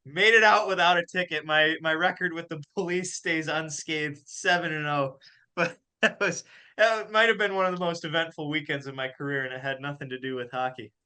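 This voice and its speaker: Young guy hosting a podcast, chatty and animated, bright voice. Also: on the high side, fairly quick, clear, resonant tone. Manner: animated, laughs through his stories. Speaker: podcast host and college golf coach. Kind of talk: casual storytelling chat.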